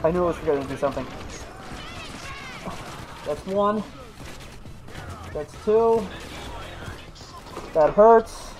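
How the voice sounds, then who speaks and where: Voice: medium pitch, lively intonation, takes it slowly, pauses often, darkish tone, poor audio. A let's-play host who rambles through stories while playing, often restarting sentences. The talk is casual and chatty. Faint game music runs underneath. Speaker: gaming video host.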